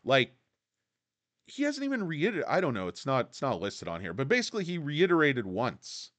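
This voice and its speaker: A man hosting a stock market vlog, ranting angrily about analysts with crude insults. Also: fairly quick. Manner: angry ranting, crude insults, lively pitch swings. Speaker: stock market vlogger host. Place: Los Angeles.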